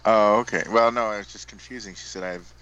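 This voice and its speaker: A man's voice: on the low side, steady tone, a little fast, fairly bright tone, highs cut off, slight background noise. A man co-hosting a podcast, speaking with a sore throat and making dry jokes. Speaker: podcast co-host. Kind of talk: casual podcast chat.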